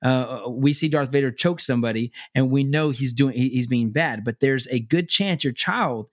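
A young man chatting casually as a podcast co-host, rambling with many restarts and repeated words, and turning animated when he quotes others. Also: moderate pace. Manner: animated, jumps higher when quoting others. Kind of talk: casual chat.

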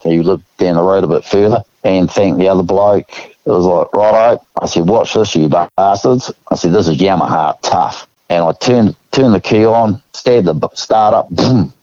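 A laid-back Australian man tells a story at an easy pace and acts out the people in it with a chuckle here and there. His voice sits low and mellow. The recording is dry and a bit muffled. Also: no room sound. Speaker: guest. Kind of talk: casual storytelling.

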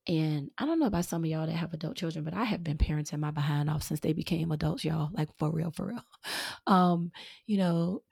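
A middle-aged woman hosting her own show, talking earnestly and warmly to listeners she calls y'all, sometimes dropping to a breathy near-whisper. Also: sits low, fairly quick, no room sound, studio quality. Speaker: podcast host. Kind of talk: heartfelt casual monologue.

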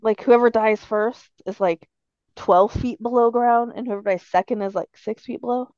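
A woman's voice: fairly high pitch, steady tone, moderate pace, a little mellow, dry recording, highs cut off. A young woman co-hosting a podcast, chatting casually and telling dry, joking stories. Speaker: podcast co-host. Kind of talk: casual chat.

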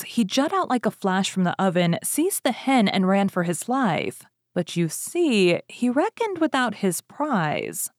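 A woman narrating a fairy tale, reading expressively with lively rises on exciting words. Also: fairly low pitch, dry recording, clean studio sound. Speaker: story reader. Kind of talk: storybook narration.

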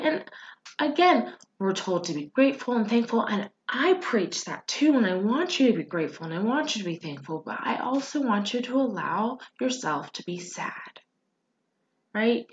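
With a lowish, slightly bright voice, a podcast host and coach talks casually and earnestly to her listeners in a motivational chat, reassuring them and frequently asking "right?". The sound is roomy, dull and lo-fi, with a little hiss or hum.

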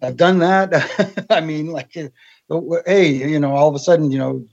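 Husky-voiced man telling stories. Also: fairly high pitch, moderate pace, a little mellow. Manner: storytelling, acts out quoted voices. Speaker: guest, former wrestling referee. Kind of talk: casual interview chat. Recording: dull lo-fi sound.

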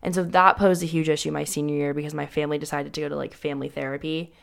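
A woman's voice: low voice, level tone, fast, creaky. A young woman telling a painful personal story in a casual way, saying "like" often and restarting her sentences. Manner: casual, heavy use of "like", frequent restarts.

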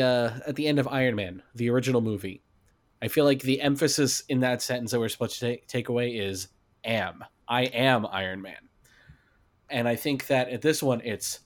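A man talking films with friends in a relaxed podcast chat. His voice sits at an ordinary middle pitch. He talks eagerly, often restarting his sentences as he builds his argument. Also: a little fast. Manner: enthusiastic, restarts often, quotes lines. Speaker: podcast co-host. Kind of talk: casual film discussion.

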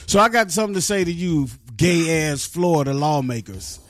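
A man's voice: on the high side, animated, normal speed, a bit bright, no room sound. A man hosting a talk radio show, loose and casual, cursing freely as he talks. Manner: loose, laid-back, swearing freely. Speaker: radio host.

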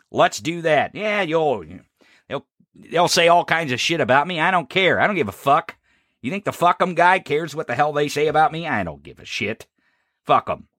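Man, political talk host, swearing rant, high bright voice, dry close sound. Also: dry recording. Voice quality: heavy swearing, fiery and combative.

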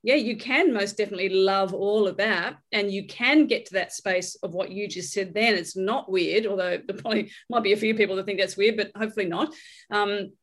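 A woman's voice: medium pitch, a little fast. A woman hosting a casual podcast, affirming her guest and explaining ideas in loose, flowing phrasing. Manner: warmly affirming, spiritual jargon, loose phrasing. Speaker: podcast host.

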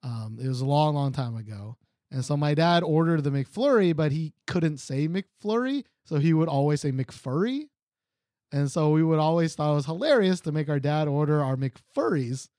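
A man hosting a podcast in casual chat, telling stories in an animated, rambling way with fillers. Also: on the high side, normal speed, no room sound, clean studio sound.

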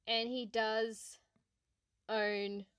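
A woman's voice: on the high side, little pitch movement, very slow, fairly bright tone, clean tone, no echo, studio quality. A woman chatting casually on a podcast, giggly and self-deprecating. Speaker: podcast co-host. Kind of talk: casual chat.

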